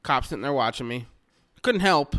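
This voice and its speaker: A man casually telling a rambling personal story, swearing freely and mocking himself, and getting loud and excited as it builds. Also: medium pitch, normal speed.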